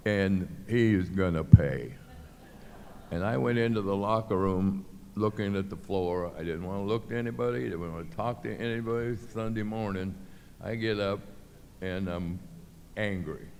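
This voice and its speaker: Older male storyteller, very low voice, long hall reverb with faint room noise. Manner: animated storyteller acting out quotes. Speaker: guest. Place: club venue with live audience.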